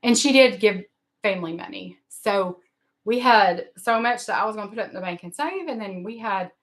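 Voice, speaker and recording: A woman's voice: medium pitch, animated, moderate pace. A middle-aged woman, hosting a casual livestream and talking in a rambling, emotional, self-deprecating way. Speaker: livestream host. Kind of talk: casual live-stream chat.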